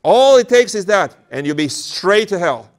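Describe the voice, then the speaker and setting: A man voicing a boastful, spiteful demon that has possessed a young girl, in slow, loud declarations. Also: high voice, very animated, pitched above the performer's own voice. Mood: menacing.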